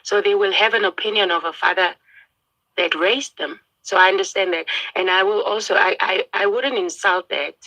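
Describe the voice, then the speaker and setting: A woman in her thirties, a guest on a talk show, speaking calmly and politely in a measured way. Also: mid-range voice, low-quality recording. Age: 30s. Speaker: guest seeking advice. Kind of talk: conversation.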